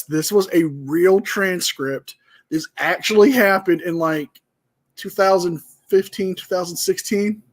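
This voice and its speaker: Host, reaction commentary: slow, amused, mid-pitched. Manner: amused, laughing asides. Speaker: show host.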